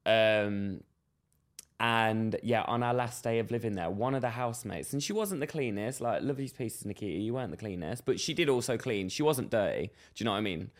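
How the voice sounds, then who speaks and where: A man's voice: lowish voice, brisk. Chatty young man telling a story. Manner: animated storyteller, laughs often, acts out voices. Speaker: podcast co-host. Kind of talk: casual chat, storytelling.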